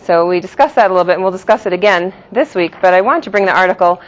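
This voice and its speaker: A woman's voice: fairly low pitch, lively intonation, very fast. A woman teaching a Jewish philosophy class, explaining terms patiently and giving each in two pronunciations. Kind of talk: classroom lecture. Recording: dull lo-fi classroom recording.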